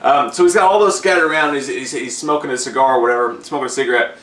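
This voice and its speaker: Animated guy recapping an episode, laughs a lot, kinda far from the mic in an echoey room. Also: mid-range voice, quick pace. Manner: animated, laughs often, acts out lines. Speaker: podcast co-host reviewing a TV episode. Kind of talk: casual profane recap chat.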